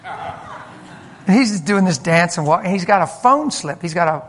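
With slight background noise, a pastor shares a ministry story in a sermon, unhurried and high-voiced. He stays animated and emphatic, his volume swinging between loud and soft.

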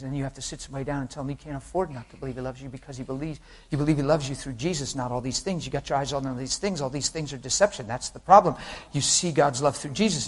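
Husky-voiced male preacher telling a story. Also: medium pitch. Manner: animated storytelling, voices quotes, laughs with the crowd. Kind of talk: sermon with acted anecdotes.

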